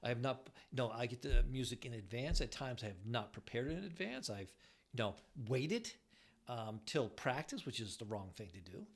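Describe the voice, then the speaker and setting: A man's voice: medium pitch, expressive, normal speed. An older man, married for decades, giving casual relationship advice, rambling with frequent restarts.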